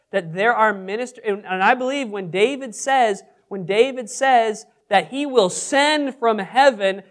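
A man's voice: extremely high pitch, a bit bright. Man teaching Bible study, chatty. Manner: conversational, asks the audience questions, self-deprecating asides. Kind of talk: casual interactive Bible teaching.

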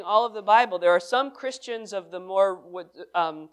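A man's voice: sits high, moderate pace, a bit bright, clear, resonant tone. A man leading a Bible study sermon, reading scripture aloud and explaining it with questions to the room. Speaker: pastor.

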